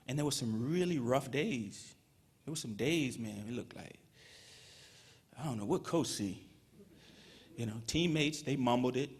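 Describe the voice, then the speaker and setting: Husky man telling a story at an induction. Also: mid-range voice, darkish tone. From Petersburg, Virginia. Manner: conversational storytelling with many "you know" fillers. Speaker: Hall of Fame inductee giving a speech. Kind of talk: induction ceremony speech, storytelling. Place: ceremony hall, speaking to an audience.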